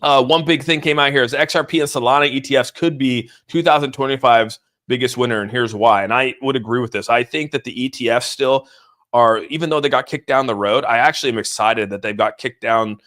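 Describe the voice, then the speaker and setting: A man at a mid-range pitch talks through a crypto market livestream in loose, rambling bursts. He is excitable and often says "dude", and he breaks off to greet viewers from the chat. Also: a little fast. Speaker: crypto channel host. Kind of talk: casual livestream market commentary.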